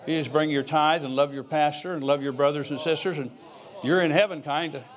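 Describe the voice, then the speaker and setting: A man's voice: a little high, steady tone, a little fast. An older man preaching a sermon in a church, reading scripture aloud and rambling into personal asides in an easygoing, conversational way. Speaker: pastor.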